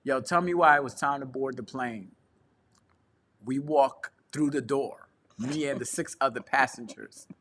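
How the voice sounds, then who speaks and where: Unhurried and a bit bright at medium pitch, a man co-hosts a relaxed talk show from his home couch. A traveling preacher by trade, he relates a travel tale using slang and imitating the people in it.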